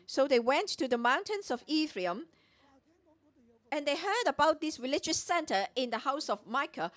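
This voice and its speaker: A woman delivers a morning prayer sermon, teaching through a scripture passage verse by verse. Her voice sits high and swings widely in pitch, and she brings the characters' lines to life as she retells the story. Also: sing-song, normal speed.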